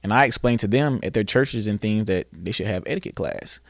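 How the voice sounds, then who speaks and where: A man's voice: fairly low pitch, animated, brisk, creaky, no echo, studio quality. A young man with a Southern American accent, a podcast guest telling his story earnestly and acting out his own past questions. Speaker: guest, founder of a boys' school.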